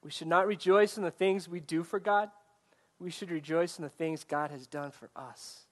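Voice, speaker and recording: A male pastor delivers a sermon with an earnest, searching manner. He speaks in a voice a little higher than most men's and keeps putting direct questions to the people listening. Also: steady tone, moderate pace. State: choked up, coughing.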